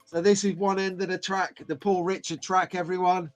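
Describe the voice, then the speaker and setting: A middle-aged British man hosting a casual live stream, chatty and excitable, greeting viewers by name. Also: high voice, normal speed, soft background music.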